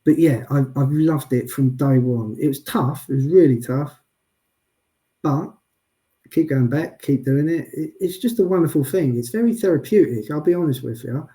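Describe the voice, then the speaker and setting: A man telling stories as an interview guest, chatty and deadpan, often adding "I'll be honest with you.". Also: fairly high pitch, normal speed. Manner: self-described sarcastic and deadpan, frequent "I'll be honest with you"; chatty storyteller with many restarts. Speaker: guest, wheelchair athlete. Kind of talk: casual interview chat.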